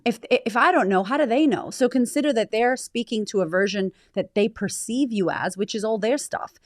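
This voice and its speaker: A woman in her thirties, talking frankly and reflectively as an interview guest, with quick bursts and casual swearing. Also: mid-range voice, a little mellow, no room sound, studio quality. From United States. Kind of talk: candid conversational interview.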